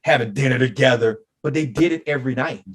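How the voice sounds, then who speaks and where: A middle-aged man speaks as an interview guest, retelling a personal story with feeling. He talks in a lively way and acts out the lines he quotes. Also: mid-range voice, fast talker. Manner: emotional, animated retelling with quoted dialogue. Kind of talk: conversational storytelling.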